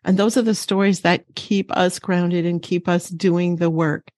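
A woman's voice: lowish voice, fairly even intonation, measured pace, darkish tone, dry recording, studio quality. A woman co-hosting a podcast for teachers, speaking in an earnest, encouraging way. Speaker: podcast co-host. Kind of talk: reflective podcast talk.

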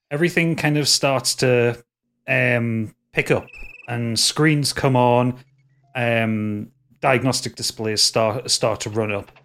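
Halting game master. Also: male voice, medium pitch, fairly bright tone. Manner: halting, full of restarts and fillers. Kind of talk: narrating a tabletop game.

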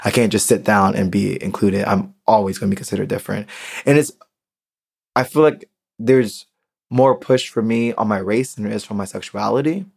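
An American young man speaking candidly in an unedited solo podcast monologue, halting with ums and restarts. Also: lowish voice, vocal fry, a little mellow, husky. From United States. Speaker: podcast host.

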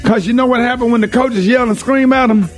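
A man's voice: extremely high pitch, steady tone, brisk, soft background music. An older man, hosting a morning radio show and delivering an impassioned monologue with a lot of emphatic repetition. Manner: emphatic and preachy, repeats phrases for emphasis.

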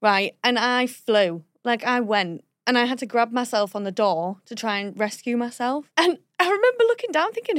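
A young woman from Nottingham telling a dating story in casual chat, animated and laughing often. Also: on the high side, moderate pace, few pauses, no room sound, clean studio sound. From Nottingham, England.

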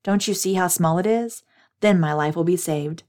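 An anxious man begs and pleads urgently, voiced by a woman reading scripture aloud. The voice stays lowish, near her plain reading tone. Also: normal speed, a little mellow, lightly acted. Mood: begging. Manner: urgent, begging. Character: anxious man begging for protection.

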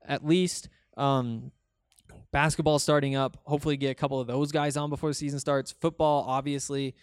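A man's voice: mid-range voice, clear, resonant tone, no room sound, studio quality. A young man hosting a casual solo podcast, talking in a rambling, conversational way with many fillers and restarts as he answers listener comments. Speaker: podcast host.

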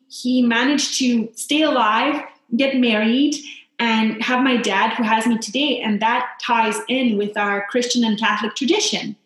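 A woman from Poland, a guest on a podcast, telling personal stories in an earnest, reflective way. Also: fairly high pitch. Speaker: guest, founder and coach for mothers. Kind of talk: heartfelt podcast interview. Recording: very echoey room.

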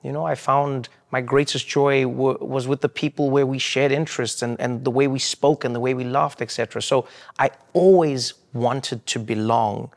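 South african guy in his 30s, gravelly voice, telling stories slow and thoughtful in an interview. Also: medium pitch, fairly even intonation. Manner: thoughtful, storytelling, with small restarts. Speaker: interview guest, comedian. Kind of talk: reflective interview answers.

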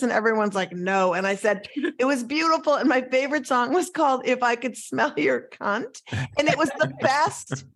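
A woman's voice: a little high, a bit bright. A woman hosting a podcast in casual chat, gushing and enthusiastic, swearing freely. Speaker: podcast host.

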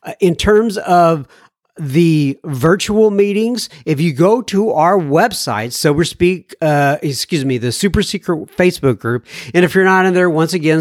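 A man's voice: on the high side, no room sound, studio quality. A man hosting a podcast, reading listener mail in a casual, jokey way and laughing at his own jokes. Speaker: podcast host.

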